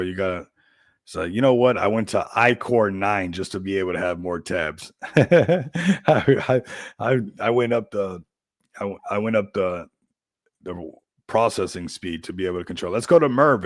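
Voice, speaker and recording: A man's voice: low-pitched, normal speed, dry recording, clean studio sound. A man hosting a crypto livestream, chatting casually in a rambling, upbeat hype style and laughing often.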